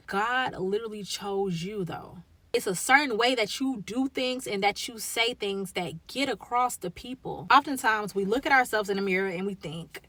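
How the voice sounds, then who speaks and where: A woman's voice: mid-range voice, a little slow, a bit bright, no echo. A young woman speaking earnestly and emotionally as a faith content creator, encouraging viewers in a casual, heartfelt vlog. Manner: earnest, encouraging, conversational with slang.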